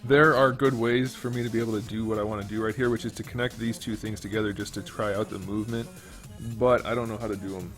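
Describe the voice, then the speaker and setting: A man's voice: fairly low pitch, steady tone, quick pace, a bit bright, faint music behind. Rambling man talking through his work. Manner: rambling, thinking aloud while he works. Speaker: YouTube host and 3D modeler. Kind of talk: casual live-streamed modeling tutorial.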